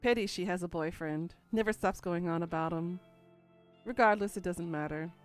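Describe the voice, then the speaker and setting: A woman's voice: fairly low pitch, moderate pace, faint music behind. A woman narrating a first-person story in a dry, musing, inward way.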